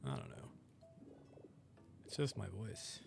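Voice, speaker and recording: A young adult man streaming a video game, chatting casually with viewers and thinking aloud in a relaxed, rambling way. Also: lowish voice, takes it slowly, gravelly, soft background music. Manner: laid-back, rambling, thinks aloud while playing. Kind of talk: casual gameplay chat with viewers.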